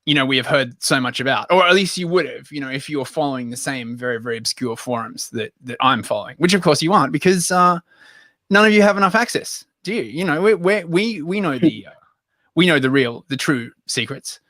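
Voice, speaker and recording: A man's voice: on the high side, fairly quick, pushed and bright, no room sound, studio quality. A man co-hosting a comedy news podcast, joking in a sarcastic, mock-conspiratorial way. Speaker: podcast co-host. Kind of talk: comedic banter. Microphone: close mic, live stream.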